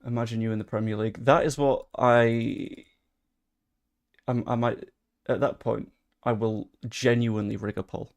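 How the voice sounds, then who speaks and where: Young male streamer, gravelly tone, casual chatty gameplay commentary, excitable, swears. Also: mid-range voice, moderate pace. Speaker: gaming streamer.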